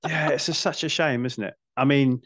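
A man's voice: medium pitch, steady tone, moderate pace, fairly bright tone, no room sound. A man in his forties hosting a podcast, chatting casually about films with frequent restarts and dry asides. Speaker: podcast host. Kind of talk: casual film discussion.

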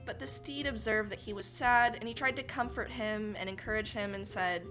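A woman podcast host narrating an old fairy tale in an animated, dramatic storytelling manner. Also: mid-range voice, moderate pace, hardly any pauses, faint music behind. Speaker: podcast host reading folktales.

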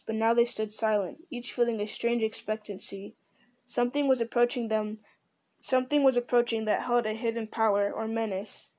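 A woman reading a fantasy novel aloud with even, deliberate storytelling. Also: on the high side. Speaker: reader.

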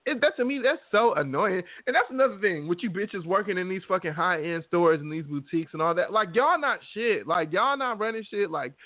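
A man's voice: high voice, animated, brisk, hardly any pauses, no room sound. A man co-hosting a podcast, ranting in a blunt, casual way with heavy profanity. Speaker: podcast co-host. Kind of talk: casual chat. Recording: dry, phone-like sound.

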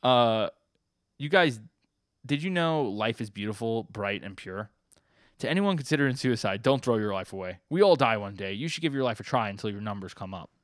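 A man's voice: lowish voice, animated, fairly quick, no echo, clean studio sound, close to an everyday voice. A man reading a comic's earnest teenage boy recording a farewell video, in an earnest sign-off delivery.

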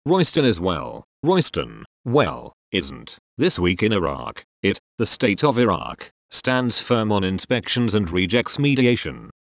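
A man voicing a glitchy, deadpan robot reporter. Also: on the low side, a little slow, few pauses, no echo, studio quality. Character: unwell male robot reporter.

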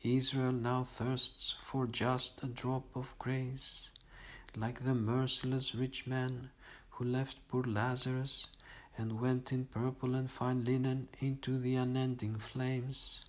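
Man, liturgical reader, flat one-note recitation, middle pitch, steady prayer reading. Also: slow, poor audio. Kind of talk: reciting Orthodox morning prayers.

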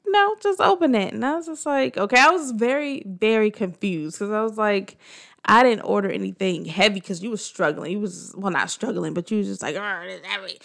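Woman, gravelly fry, casual storyteller who acts out the quotes. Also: brisk. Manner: animated storytelling, acting out quotes with pitch jumps. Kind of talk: casual chat.

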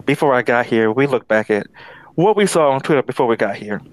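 A young man co-hosting a podcast, an animated storyteller with sassy asides in casual chat. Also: mid-range voice, fairly quick, dry recording. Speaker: podcast co-host.

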